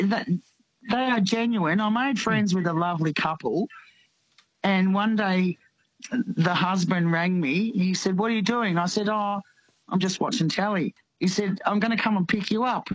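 An Australian woman calling in to a radio talk show, speaking slowly and earnestly, often repeating her words. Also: fairly low pitch, dry recording, poor audio. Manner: slow, heartfelt, repeats words. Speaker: caller. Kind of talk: radio call-in chat.

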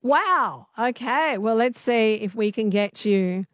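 A woman's voice: a little high, lively intonation, slow pace, no room sound, clean studio sound. A woman hosting a late-night radio quiz, chatty and friendly, explaining the answers at length. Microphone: studio microphone.

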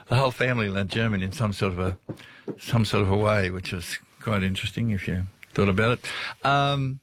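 A man's voice: medium pitch, a bit bright. A man with an Australian accent hosting a casual talkback radio show, chatty and rambling, often laughing between asides. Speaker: radio host.

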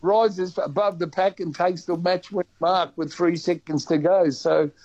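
An Australian man chatting on the radio, with a slightly high voice that keeps restarting its sentences in lively bursts. The sound is dull and lo-fi. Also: a little slow. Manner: chatty and animated, with many restarts. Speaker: guest. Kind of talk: casual radio chat.

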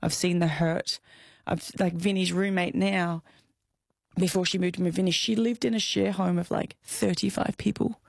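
A woman's voice: fairly low pitch, fairly even intonation, moderate pace, vocal fry, dry recording. A young Australian woman telling a personal story in an interview, candid and heartfelt, close to tears. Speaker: guest.

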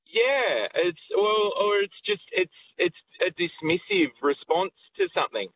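A man's voice: high voice, sing-song, a little slow, a little hiss or hum. Joking man on a tinny phone line. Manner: hesitant, joking, stammers. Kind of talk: casual radio chat.

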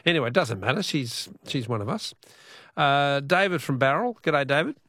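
A man's voice: medium pitch, expressive, normal speed, a bit bright, no echo, studio quality. A man hosting a late-night radio call-in quiz and reading out listener texts. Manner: chatty, reads out listener texts. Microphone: studio mic.

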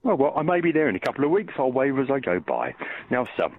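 A man's voice: huge pitch swings, fast talker, a little hiss or hum. A man from Yorkshire calling in to a radio show, jokey and chatty. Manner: jokey, sings a silly high snatch. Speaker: caller. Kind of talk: casual phone-in chat. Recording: tinny phone line.

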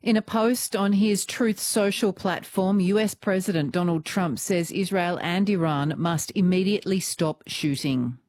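Female newsreader, lower pitch, measured scripted delivery. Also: a little mellow, dry recording, studio quality. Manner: measured, formal. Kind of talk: scripted news bulletin.

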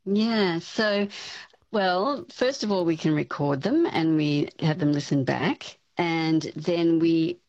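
A woman's voice: on the low side, slow, a little mellow, no echo, lo-fi sound. A woman, a speech pathology professor, explaining things in a chatty way with lots of fillers as a radio interview guest.

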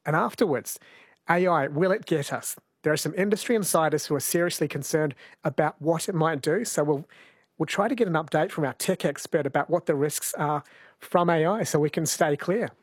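A man's voice: on the high side, fairly quick, breathy edge, no room sound, studio quality. A man hosting a late-night radio show in casual, joking banter. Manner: chatty, joking, easygoing. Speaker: radio host. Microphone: studio microphone.

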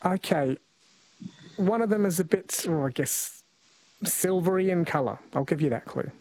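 A man's voice: high voice, normal speed, darkish tone, no echo, poor audio. A man hosting a radio call-in quiz, chatting casually with callers and often correcting himself mid-sentence. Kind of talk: casual talkback radio chat.

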